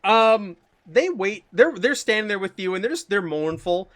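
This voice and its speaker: A man narrating as game master of a tabletop game, animated and quick to laugh. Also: high voice.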